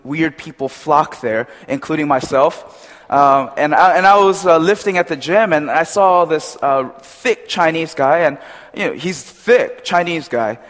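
Young man, chatty casual sermon, slightly high voice, long hall reverb. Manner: chatty, storytelling, animated when retelling. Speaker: preacher. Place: church hall.

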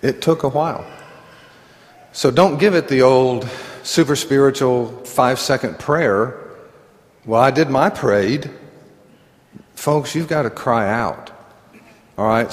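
A man in his forties, a pastor preaching an earnest, conversational sermon and laughing at himself now and then. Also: medium pitch. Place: church sanctuary. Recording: reverberant church hall.

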